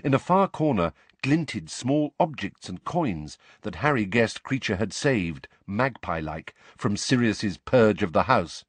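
A man narrating an audiobook with expressive, animated storytelling. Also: lowish voice, a little slow, few pauses, slightly rough, no room sound. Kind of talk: scripted narration.

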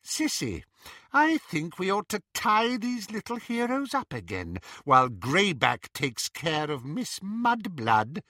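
A man's voice: wildly swooping pitch, slow, sharp tone, dry recording, clean studio sound, heavily acted. A man voicing a cruel adult witch who taunts and shrieks. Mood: scheming. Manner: shrill and taunting.

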